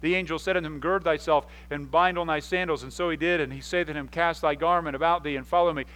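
A man preaching a sermon in a somewhat high voice, full of energy. He acts out the stories with quick voices and sudden loud bursts, and he often restarts his sentences. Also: poor audio. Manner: animated storyteller, acts out scenes with quick voices and sudden shouts; frequent restarts and repeated words. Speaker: pastor.

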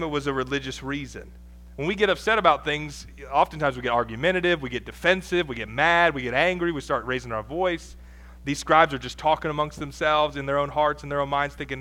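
A man's voice: a little high, pushed and bright. A man in his thirties preaching a sermon in a casual, conversational way, with personal stories and asides. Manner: conversational, self-deprecating preaching with asides and laughs. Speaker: pastor.

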